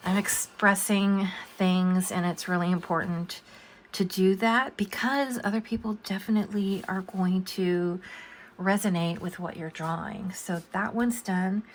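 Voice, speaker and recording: This older woman from the USA, a coloring book artist, chats while drawing at her desk at home, rambling and hesitant, full of fillers. Her medium-pitched voice keeps fairly even intonation and a measured pace, over a little hiss or hum.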